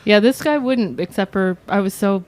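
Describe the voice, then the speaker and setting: A woman's voice: medium pitch, moderate pace, a little mellow, a little hiss or hum. A woman co-hosting a radio talk show, telling bawdy stories in a casual, laughing way. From New Jersey. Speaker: co-host. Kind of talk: casual chat.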